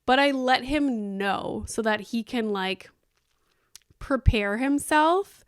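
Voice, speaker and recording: A woman's voice: fairly high pitch, slow, clean tone, dry recording, clean studio sound. A woman in her thirties hosting a casual solo podcast, telling stories in a chatty, exasperated way with lots of fillers. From Canada. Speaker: podcast host.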